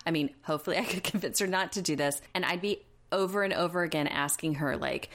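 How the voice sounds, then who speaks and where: Deep-voiced woman giving candid opinions. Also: lively intonation, a bit bright. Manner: candid and opinionated, with quick asides. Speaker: podcast co-host. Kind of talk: casual TV recap chat.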